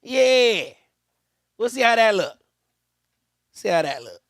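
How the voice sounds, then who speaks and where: A man hosts a game watch party, talking trash in loose slang. His voice leaps wildly up and down in pitch. The sound is dry and close, with no room around it. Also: very animated, takes it slowly, fairly bright tone, no echo. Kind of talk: casual live game reaction.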